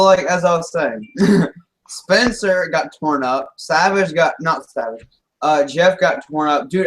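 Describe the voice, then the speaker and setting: A man's voice: fairly high pitch, fairly bright tone, low-quality recording. A man co-hosting a casual TV recap chat, jokey and teasing, laughing often. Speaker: podcast co-host.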